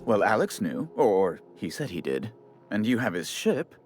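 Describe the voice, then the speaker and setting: A man's voice: lowish voice, sing-song, unhurried. An actor voicing a fussy, condescending male corporate bureaucrat in a video game, with a prim, theatrical delivery. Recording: soft game music behind.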